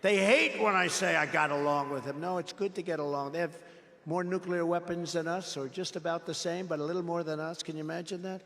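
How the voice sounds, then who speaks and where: A man's voice: a little high, fairly even intonation, a little fast, fairly bright tone, big-room sound. A man giving an off-the-cuff political rally speech, boastful and repetitive, telling rambling stories in a large indoor venue. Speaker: political speaker.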